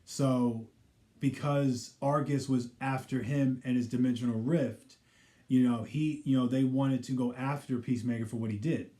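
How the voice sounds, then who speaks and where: A man with a warm, mellow, mid-pitched voice recapping a TV episode in a loose, rambling way. He keeps saying "you know" and now and then drops into the characters' quoted lines. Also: fairly even intonation, moderate pace. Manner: rambling, heavy use of "you know" fillers. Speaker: pop culture vlogger.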